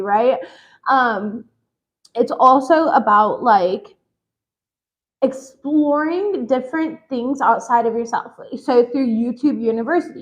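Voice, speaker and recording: Woman tarot reader, chatty casual delivery, slightly high voice, dull lo-fi sound. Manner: chatty, peppered with "like" and "you know". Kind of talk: casual live tarot reading.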